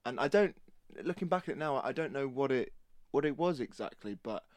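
A man's voice: medium pitch, expressive, fairly quick, no echo. A man co-hosting a casual podcast chat, talking enthusiastically and rambling. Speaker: podcast co-host.

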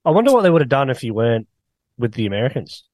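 A man co-hosts a relaxed podcast over a video call, chatting and joking. His recording sounds dry, with no room echo. His voice sits at a middle pitch. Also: racing. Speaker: podcast co-host. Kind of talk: casual chat.

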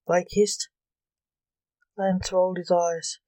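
A woman reading a comic story aloud in a measured, gently expressive way. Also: on the low side, no echo, low-quality recording.

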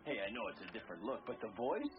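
Brief: a playful ghost dad inside a robot, expressive, lo-fi movie audio. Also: male voice, fairly low pitch, fast, over music. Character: dead father returned as a robot, warm and joking. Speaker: film character. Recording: dull film audio with score.

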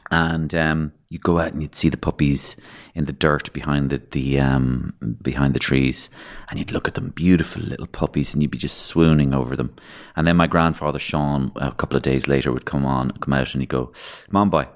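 Irish male podcast guest, very low-pitched, anecdotal storyteller with a macabre wit. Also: steady tone, a little fast, few pauses. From Ireland. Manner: rambling anecdotal storyteller, dark humour, acts out voices.

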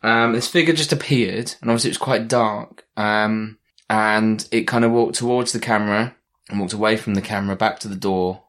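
A man's voice: lowish voice, steady tone, moderate pace, few pauses, fairly bright tone. A young man chatting casually, telling a long story with many fillers and restarts. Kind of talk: casual chat.

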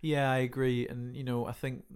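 A man's voice: mid-range voice, level tone, moderate pace, a little mellow, clean tone. A man as a guest on a casual film review chat, talking in an easygoing, agreeable way. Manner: easygoing, agreeable, brief replies.

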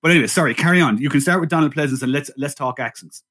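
A man's voice: fairly high pitch, very fast, a bit bright. A man co-hosting a casual film review chat, chatty and steering the discussion back on track. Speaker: podcast co-host.

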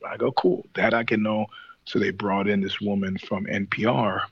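A man's voice: fairly low pitch, level tone, moderate pace, creaky, slightly rough, no room sound, muffled recording. A man in casual conversation, telling stories in a rambling, profane way with many restarts. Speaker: podcast guest, singer and show host. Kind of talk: casual chat.

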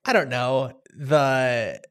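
A man's voice: mid-range voice, very slow. Easygoing man co-hosting a film podcast. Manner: relaxed, conversational, hedging with fillers. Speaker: podcast co-host. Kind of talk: casual film discussion.

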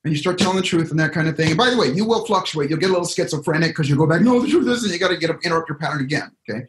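A man coaching a group on a call, emphatic and lively, acting out the anxious voice in people's heads. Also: on the high side, very fast, a little hiss or hum. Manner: emphatic, acts out inner voices, spells words out. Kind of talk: motivational coaching talk. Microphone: call audio.

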